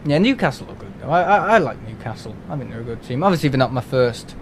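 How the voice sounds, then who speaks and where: A man's voice: mid-range voice, fast, few pauses, slight background noise. A man from England chatting casually and rambling on a live game stream from home, with lots of restarts and fillers.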